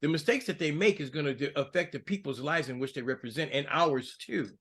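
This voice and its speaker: A man's voice: fairly quick, fairly bright tone. A man co-hosting a political podcast, talking casually and getting heated. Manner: heated, rising pitch when angry. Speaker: podcast co-host.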